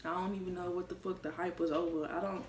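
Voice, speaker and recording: A woman's voice: lowish voice, level tone, fast talker, a little hiss or hum. A young woman vlogging, telling a personal story in a candid, profane, conversational way. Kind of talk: casual storytime vlog. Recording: roomy, mic set far off.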